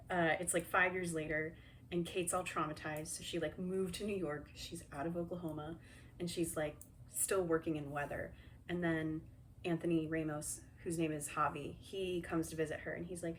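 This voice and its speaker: A young woman recaps a movie in a loose, chatty way, sarcastic and full of fillers. Her voice sits a little low. A faint hiss runs under the recording. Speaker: movie reviewer.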